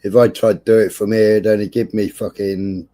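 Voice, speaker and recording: A man's voice: fairly low pitch, flat delivery, fairly quick, warm tone. A man co-hosting a livestream, chiming in with laid-back agreement and the odd swear. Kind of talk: casual livestream banter.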